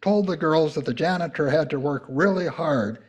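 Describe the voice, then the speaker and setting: A man preaching a sermon as pastor, slow and deliberate, lifting his voice high and loud when reading scripture. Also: husky. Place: church in the Pacific Northwest.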